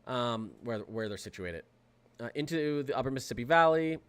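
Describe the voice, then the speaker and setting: A young man hosting a live weather stream, talking in an excitable, rambling way with lots of fillers and restarts. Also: medium pitch, brisk, smooth. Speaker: weather livestream host. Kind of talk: casual livestream commentary.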